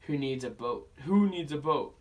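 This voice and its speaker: A friendly, gentle old dinosaur who speaks politely and without hurry, as a young man reads him aloud. The voice sits a little high for a man and comes from across a classroom, caught by a far-off camera mic. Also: animated, natural voice. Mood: kindly. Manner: polite, kindly and unhurried.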